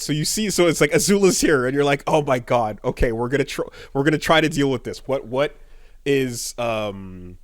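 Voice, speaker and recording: A man's voice: medium pitch, dry recording, clean studio sound. A man co-hosting a casual podcast chat, acting out scenes with sudden shrieks and laughter. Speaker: podcast co-host.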